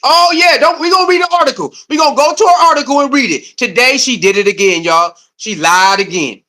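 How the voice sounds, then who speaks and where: A young man hosting a live stream, ranting loudly and excitably, repeating himself and reading and answering chat comments. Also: very high-pitched, a little fast. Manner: loud, excitable, repetitive, swings between shouting and muttering. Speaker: livestream host. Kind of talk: fired-up live stream rant.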